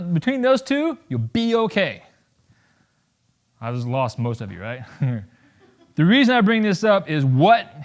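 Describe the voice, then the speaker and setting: A man in his thirties speaks to a college audience in an animated, jokey way. His voice is a touch higher than most men's, and he keeps slipping into quick acted-out voices to make his points. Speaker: guest speaker. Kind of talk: campus talk to an audience.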